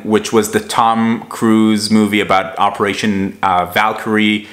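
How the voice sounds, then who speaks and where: A man's voice: on the low side, a bit bright. A man from Israel with an American accent, chatting casually as host of a TV talk channel, rambling with lots of fillers. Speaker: TV show host. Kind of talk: casual chat.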